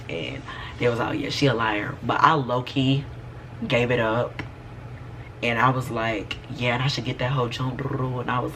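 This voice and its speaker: A young man telling a sassy, animated story about a past job, in a casual storytime vlog. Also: mid-range voice, a little hiss or hum. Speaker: vlogger.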